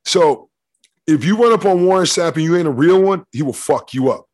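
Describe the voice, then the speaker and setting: Husky man, profane slangy banter. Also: on the high side, animated, a little fast, darkish tone. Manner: profane, slangy street talk. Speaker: co-host. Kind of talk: casual podcast banter.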